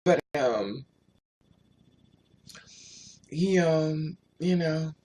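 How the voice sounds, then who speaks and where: A man's voice: fairly high pitch, lively intonation, drawn-out words, dark tone, slight background noise. A man on a casual livestream who tells rambling personal stories and answers viewers' chat comments as he goes.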